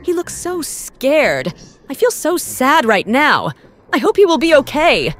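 A woman hosting a reaction video, giving excited commentary full of dramatic gasps and exclamations. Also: unhurried, soft background music. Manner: dramatic gasping exclamations, swooping from squeals to low murmurs.

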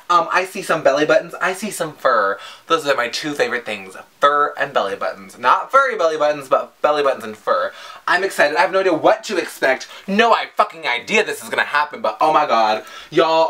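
A man reacting to a pop song in a vlog, gushing, swearing and squealing with excitement. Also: on the high side. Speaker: music reaction vlogger. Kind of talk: over-the-top reaction vlog.

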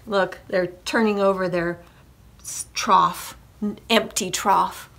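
Animated storytime librarian woman, slow and bright. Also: lowish voice, vocal fry. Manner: animated, sing-song storytelling voice with playful animal sounds. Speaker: children's librarian leading storytime. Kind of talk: reading a picture book aloud to children.

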